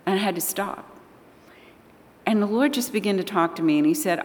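An older woman speaking to a church audience, telling animated personal stories and acting out the conversations in them. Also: medium pitch, a little fast, long pauses. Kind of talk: storytelling talk to an audience. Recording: long hall reverb.

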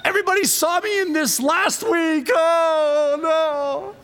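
A shrill, panicky flower, as a man puts it on. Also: steady tone, takes it slowly, fairly bright tone, exaggerated voice. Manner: shrill, melodramatic whining. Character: fretful vain flower, panicking over its looks.

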